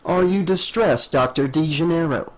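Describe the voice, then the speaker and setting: Man doing a monotone, soothing male android. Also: a little high, moderate pace, natural voice, poor audio. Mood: courteous. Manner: monotone, literal, formal.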